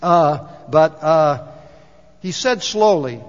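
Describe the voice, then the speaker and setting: A man, a pastor, delivering a sermon and telling a story, slowing down when he reads passages aloud. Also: on the high side, expressive. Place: church sanctuary. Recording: long hall reverb, dull lo-fi sound.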